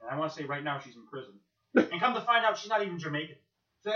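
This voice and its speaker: New dude swearing and joking around on a podcast, high voice, echoey muffled mic. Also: male voice, lively intonation, quick pace. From New York. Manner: loud, profane, joking. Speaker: podcast co-host. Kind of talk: casual podcast banter. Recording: roomy, dull lo-fi podcast audio.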